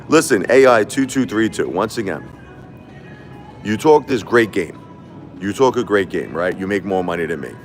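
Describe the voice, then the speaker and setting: A man's voice: low voice, animated, normal speed, pauses often, soft background music. A man livestreaming a combative, boastful rant, taunting his critics and repeating himself. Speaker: livestreaming YouTuber. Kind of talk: ranting livestream monologue.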